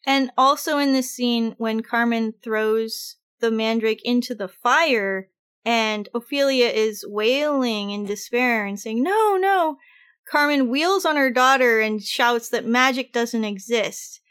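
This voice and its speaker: A woman co-hosting a casual film discussion podcast, animated and swearing casually. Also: a little high, unhurried, clear, resonant tone. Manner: lively, animated, swears casually, laughs often. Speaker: podcast co-host.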